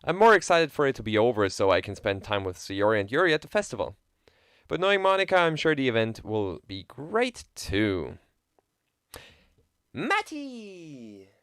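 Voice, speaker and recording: A man's voice: on the low side, big pitch swings, fairly quick, hardly any pauses, a bit bright, clean tone, no echo, studio quality. A young man streaming, reading a visual novel aloud in a playful, joking way and chatting with viewers.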